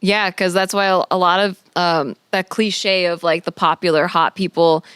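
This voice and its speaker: A woman co-hosting a podcast, reacting to a story with quick exclamations and casual chat. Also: on the low side, fairly even intonation, fairly bright tone, clear, resonant tone, no echo. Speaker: podcast co-host.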